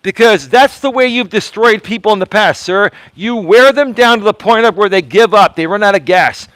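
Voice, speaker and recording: A man livestreaming while he walks outside, filming himself with a phone on a selfie stick. His voice sits high, and the sound is dry and close with no room around it. He speaks with insistent emphasis and keeps circling back to repeat his points. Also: normal speed, fairly bright tone, no echo, poor audio. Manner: emphatic, repetitive, addressing someone directly. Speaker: vlogger host. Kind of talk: live-streamed walking vlog. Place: outdoors, walking in the cold.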